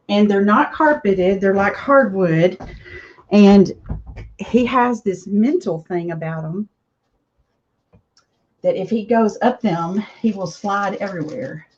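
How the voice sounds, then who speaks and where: A craft vlogger with a medium-pitched, darkish voice talks casually to viewers while working on a project, drifting from one thought to another. The lo-fi audio sounds slightly dull, with a little background noise.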